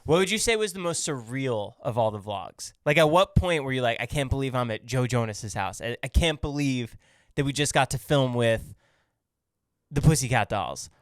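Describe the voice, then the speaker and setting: Chatty podcast host man, lively voice. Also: mid-range voice, moderate pace, no room sound, studio quality. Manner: chatty, chimes in with short reactions. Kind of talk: casual chat.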